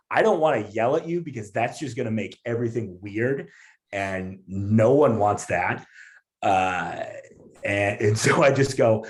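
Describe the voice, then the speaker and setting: A male comedian, a guest on a podcast, telling a story in a casual, animated way with lots of fillers and restarts. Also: on the low side, unhurried.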